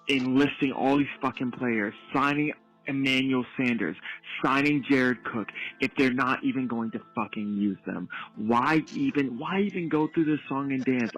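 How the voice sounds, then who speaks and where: A man's voice: medium pitch, muffled recording. A man calling in to a podcast, venting in an exasperated, sarcastic, profane way. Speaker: caller. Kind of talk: ranting voicemail.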